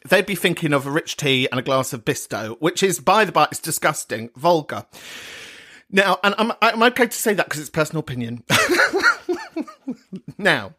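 A man's voice: on the high side, sharp tone. A British man hosting a comic call-in podcast, camp and teasing, who swears freely and laughs often. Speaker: podcast host.

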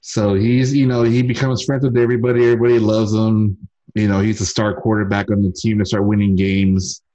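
A man co-hosting a casual podcast, recounting a movie plot in a relaxed way. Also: fairly low pitch, brisk, low-quality recording. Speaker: podcast co-host. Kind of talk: casual chat.

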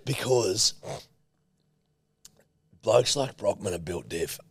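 A man's voice: on the low side, animated, slow, husky, no room sound. A young man co-hosting a podcast while hungover, dry and mocking, swearing freely in casual banter. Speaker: podcast co-host.

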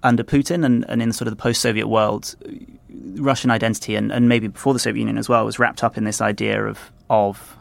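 Male podcast commentator, low gravelly voice, flat delivery, dry close sound. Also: no echo. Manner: thoughtful, halting, repeats words. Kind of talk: analytical podcast discussion.

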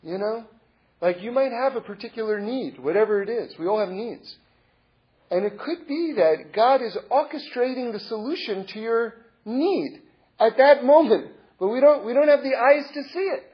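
A middle-aged man sharing a personal story as a religious lesson, earnest and reflective, halting with many repeated words and restarts. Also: extremely high pitch, expressive, husky, muffled recording.

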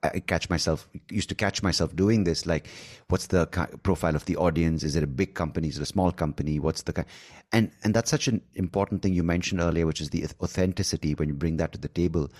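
A man with an Indian accent hosting an interview, enthusiastic and halting, with many restarts. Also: deep voice, a little mellow. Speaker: podcast host. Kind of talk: conversational interview.

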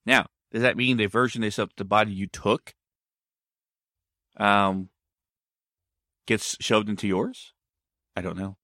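A man's voice: fairly low pitch, fairly even intonation, a little slow, long pauses, sharp tone, no echo, studio quality. A man telling a story in casual conversation, meandering and often backtracking to explain himself.

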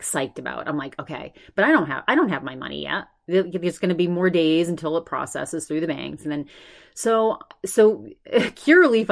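A woman's voice: lowish voice, gravelly. Anxious rambling woman podcast host. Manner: rambling, animated, with frequent restarts and laughs. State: anxious, shaken. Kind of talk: casual personal update.

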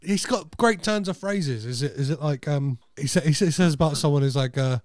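A man co-hosting a podcast, animated and joking crudely, often laughing at his own lines. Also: a little high, brisk, few pauses, no echo, studio quality. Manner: animated, crude jokes, cracks himself up. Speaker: podcast co-host. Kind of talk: casual film chat.

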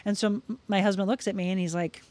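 A middle-aged woman with a medium-pitched voice talks fast as a podcast guest. In casual chat she tells a personal story, lively and acting out the quoted dialogue.

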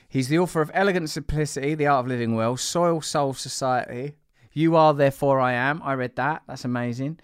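A man's voice: mid-range voice, brisk, clear, resonant tone, no echo. A man running a loose, chatty podcast, wandering from thought to thought and slipping into playful teasing. His voice sits in an ordinary middle range and sounds close and dry, with no room around it. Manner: rambling, jokey and teasing, with many fillers. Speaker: podcast host. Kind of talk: casual podcast chat.

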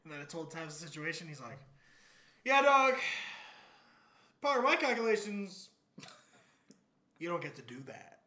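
A man co-hosting a podcast, chatting casually and telling animated stories, with his voice swinging between loud bursts and low mumbles. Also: moderate pace, pauses often, roomy sound. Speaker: podcast co-host. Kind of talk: casual chat.

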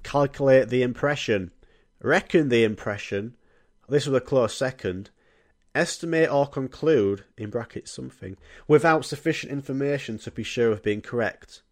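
A man's voice: medium pitch, moderate pace. A young man, hosting a solo comedy podcast in a rambling, jokey, sweary way. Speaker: podcast host.

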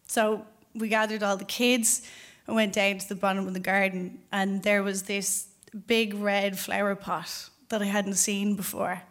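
A young Irish woman tells a true story from a theatre stage, speaking into a stage mic at an ordinary pitch. She is animated, slipping into the voices of the people she quotes and laughing as she goes. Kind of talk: live personal storytelling onstage. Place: theatre stage before an audience.

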